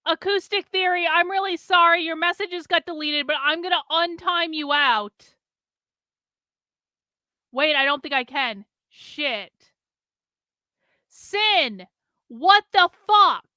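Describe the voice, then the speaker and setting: A woman streamer with a very high, bright, sharp voice, talking slowly and bluntly to her chat. She swears freely and sounds exasperated with what happens in the chat. The recording is dry and close. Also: no echo. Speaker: live stream host. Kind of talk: live stream chat reaction.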